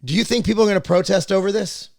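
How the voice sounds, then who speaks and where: A high, gravelly male voice with a darkish tone races along in a clean, echo-free studio recording. He's a podcast host talking politics casually and at length, opinionated and blunt, rambling, swearing now and then, restarting sentences and repeating words.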